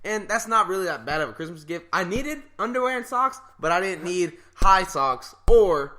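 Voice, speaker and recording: Bright-voiced animated young man. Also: high voice, moderate pace. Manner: animated, laughing storyteller. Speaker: podcast co-host. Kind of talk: casual chat.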